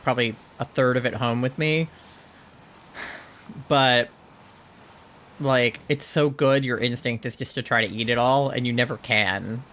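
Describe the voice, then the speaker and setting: A man's voice: medium pitch, fairly even intonation, unhurried, long pauses, a bit bright, slight background noise. A man streaming a game, chatting casually and rambling, with frequent swearing and lots of "like" and "um". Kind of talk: casual chat while gaming.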